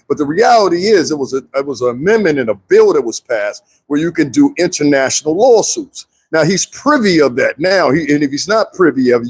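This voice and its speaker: A man's voice: on the high side, breathy edge, no room sound. A man commenting casually on a live stream, talking straight to his viewers and laughing often. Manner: animated, talks straight to viewers, frequent laughs.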